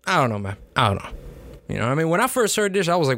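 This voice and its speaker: A man's voice: on the high side, very animated, racing, a bit bright. A man hosting a casual solo podcast. He talks in a loose, slangy, rambling way, calling the listener "man" and laughing often. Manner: slangy, rambling, peppers lines with "man" and "you know what I'm saying"; frequent restarts and laughs. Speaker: podcast host.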